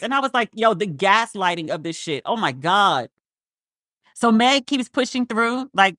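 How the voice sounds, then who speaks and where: A woman hosting a casual review show, talking in an animated, sarcastic way with frequent swearing. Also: mid-range voice, no echo, studio quality. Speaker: commentary host.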